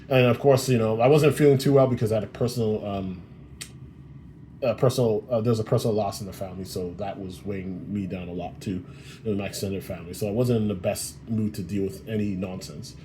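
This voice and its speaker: A man's voice: lowish voice, steady tone, fairly quick, a little mellow, a little hiss or hum. A man telling a frustrating customer-service story on his vlog in a blunt, exasperated way, swearing freely. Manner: blunt and profane, exasperated retelling. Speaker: vlogger. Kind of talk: casual storytelling rant.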